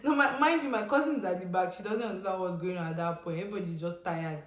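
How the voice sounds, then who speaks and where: A young Nigerian woman vlogger telling a casual storytime, chatty and expressive, with slang and pidgin asides. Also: on the low side, quick pace, hardly any pauses, background noise. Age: young adult. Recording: roomy echoey room.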